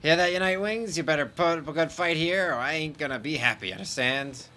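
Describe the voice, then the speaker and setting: A man's voice: high voice, sing-song, drawn-out words, pushed and bright, voice pushed up, exaggerated voice. A man hamming up a brash, taunting beast-rogue. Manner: taunting, rough slang, vague put-on accent. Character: brash rowdy masked male beast-rogue leader.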